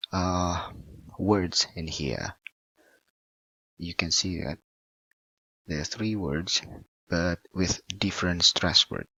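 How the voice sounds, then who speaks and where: A man with an Indonesian accent teaching English word stress in a lesson, switching between English and Indonesian and drawing out the example words slowly. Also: low voice, pushed and bright, slightly rough, no room sound, muffled recording. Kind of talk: classroom-style lesson explaining word stress.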